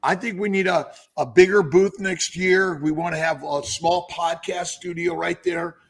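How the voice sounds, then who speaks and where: Gravelly man, rambling. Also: sits high, fairly even intonation, measured pace. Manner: rambling, with many uhs. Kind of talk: casual live-show chat.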